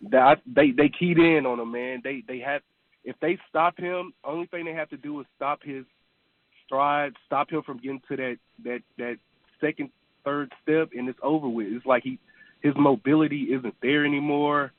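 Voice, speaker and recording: A man's voice: on the high side, fairly even intonation, moderate pace, no echo. A man calling in to a sports radio show, rambling and hesitant, with lots of "you know" fillers. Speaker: caller. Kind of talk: call-in radio chat. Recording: tinny phone line.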